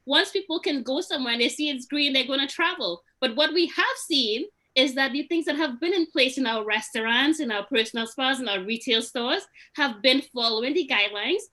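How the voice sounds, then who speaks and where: Woman, high bright voice, frustrated, keeps restarting sentences. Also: a little fast, hardly any pauses. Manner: frustrated, pleading, many restarts. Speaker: small business owner at a meeting. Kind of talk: emotional meeting remarks.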